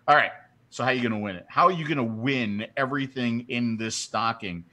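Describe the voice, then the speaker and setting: A man's voice: mid-range voice, a little fast, pushed and bright. A man hosting a casual show, joking and teasing his co-host while walking through a giveaway. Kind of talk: casual chat and giveaway announcement.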